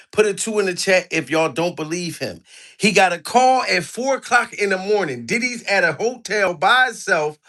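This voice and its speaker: A man doing crude, animated commentary on a live stream, hyping up his chat. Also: high-pitched.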